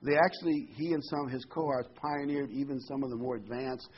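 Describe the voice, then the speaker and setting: A man's voice: mid-range voice, fairly even intonation, a little fast, husky. A man preaching a conversational sermon, stressing points by repeating phrases. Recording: dull lo-fi recording.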